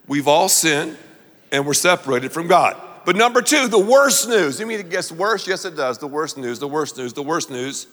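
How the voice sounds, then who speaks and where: A man preaching a sermon, leading the congregation to repeat lines back to him in an animated way. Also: high voice, normal speed, long reverb tail. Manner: animated, call-and-response with congregation. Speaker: pastor.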